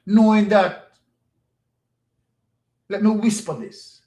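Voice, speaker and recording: A man's voice: sits high, slow, pauses often, roomy sound. A Jamaican man giving an opinionated political monologue as a commentator, pressing his points with rhetorical questions and repetition.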